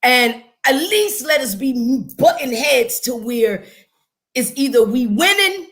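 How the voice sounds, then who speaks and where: Animated woman livestream host. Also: high voice, takes it slowly. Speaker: host and interviewer. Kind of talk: casual livestream chat.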